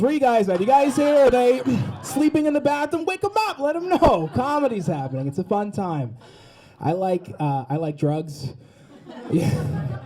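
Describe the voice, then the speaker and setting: Young boston guy doing standup, kinda high voice, soft mellow tone, chatty and swears a lot. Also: slight background noise. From Massachusetts. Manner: loose, chatty crowd work with swearing and frequent laughs. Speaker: stand-up comedian. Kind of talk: stand-up comedy set. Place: studio stage before a live audience.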